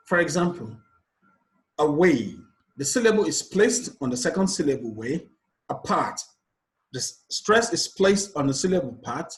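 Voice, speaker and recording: A man teaching an exam revision lesson on word stress, patiently counting syllables aloud step by step. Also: on the high side. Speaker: English teacher. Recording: echoey room.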